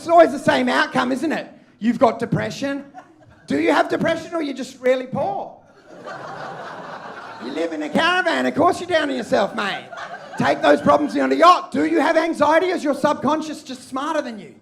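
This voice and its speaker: An Australian man doing dark, aggressive stand-up with shouted punchlines to a live crowd. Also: extremely high pitch, moderate pace, gravelly, a little hiss or hum. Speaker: stand-up comedian. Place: comedy club stage with laughing audience.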